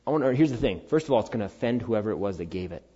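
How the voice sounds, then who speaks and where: A middle-aged man preaching a sermon, earnest and animated, swinging from loud, high emphasis down to quiet, low conviction. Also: racing, slightly rough. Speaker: pastor. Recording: dull, slightly lo-fi sound.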